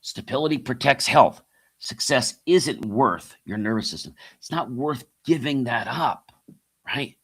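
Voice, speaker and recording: Motivational host, middle-aged man, forceful bright voice, calls the audience "guys.". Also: mid-range voice. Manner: repeats key phrases, asks rhetorical questions; addresses listeners as guys. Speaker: podcast host and coach. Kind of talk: motivational monologue.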